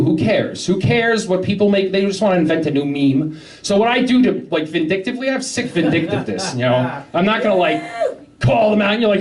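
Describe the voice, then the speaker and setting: A young man doing a rambling, self-deprecating stand-up set, swearing often and undercutting his own jokes. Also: sits high. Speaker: stand-up comedian. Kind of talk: open-mic stand-up set. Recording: live club mic, heard from a distance with audience. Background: crowd laughter.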